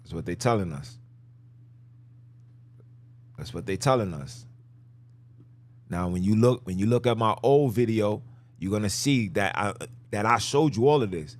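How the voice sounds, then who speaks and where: A man's voice: fairly low pitch, lively intonation, normal speed, long pauses. A man hosting a podcast, giving emphatic, repetitive religious commentary in casual slang while he talks his listeners through slides. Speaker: podcast host.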